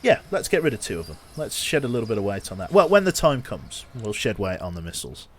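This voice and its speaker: A man casually commentating his game on a live stream, thinking out loud and talking to his chat. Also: fairly low pitch, very animated, quick pace, slight background noise. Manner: chatty, thinks aloud, talks to chat.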